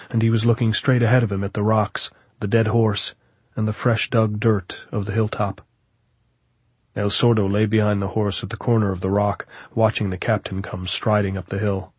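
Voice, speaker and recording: Male narrator, lowish voice, husky, dry close sound, measured storytelling. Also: darkish tone, no echo. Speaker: audiobook narrator. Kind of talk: scripted narration.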